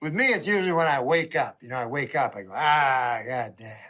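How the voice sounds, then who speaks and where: A man, a stand-up comedian, delivering a meandering, deadpan monologue. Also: fairly high pitch, fast talker.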